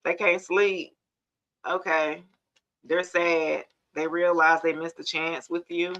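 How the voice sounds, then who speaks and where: Gravelly chatty woman doing live tarot. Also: on the low side, little pitch movement, slow pace, fairly bright tone, poor audio. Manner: chatty, addresses viewers as y'all. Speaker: tarot reader hosting a live stream. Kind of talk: casual live tarot reading.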